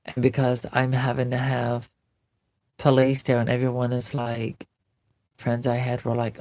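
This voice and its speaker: A woman's voice: extremely low pitch, monotone, fairly quick, a little mellow, dry recording. A woman vlogger earnestly recounting a painful memory, telling it in vivid present tense. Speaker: doll collector vlogger. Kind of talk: personal storytelling to camera.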